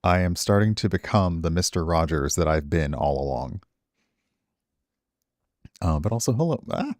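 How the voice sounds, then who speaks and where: A middle-aged man with a very low voice rambles easily to his viewers, poking fun at himself as he goes. His voice is recorded dry and close, with no room sound. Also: big pitch swings, moderate pace, long pauses, darkish tone, no echo. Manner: rambling, self-deprecating, chatting to viewers. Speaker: streamer. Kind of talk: casual stream chat.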